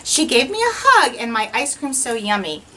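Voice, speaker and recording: A woman teacher reading a rhyming children's picture book aloud in an expressive, sing-song way. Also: on the high side, moderate pace, distant mic, a little hiss or hum, poor audio.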